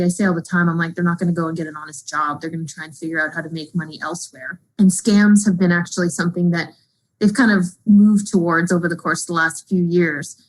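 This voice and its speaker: Woman guest, fraud expert, measured, somewhat low voice. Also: poor audio. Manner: measured, explanatory. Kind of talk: interview.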